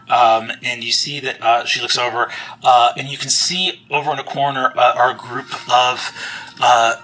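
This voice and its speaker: A man's voice: mid-range voice, fairly even intonation, moderate pace, sharp tone, rough recording. A man narrating as game master of a tabletop game, describing scenes with frequent "you see" and fillers.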